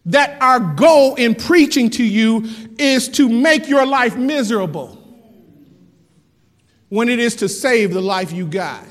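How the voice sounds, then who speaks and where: A male pastor preaching a lively sermon, repeating lines for emphasis and laughing often. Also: very high voice, takes it slowly. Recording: long hall reverb.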